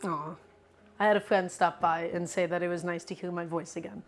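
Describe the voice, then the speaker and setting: A woman's voice: on the low side, fairly even intonation, fairly quick, faint music behind. A woman cooking live in her home kitchen, casually chatting to her viewers in an upbeat, talkative way. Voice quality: chatty, upbeat, talks to the chat directly. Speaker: cooking streamer.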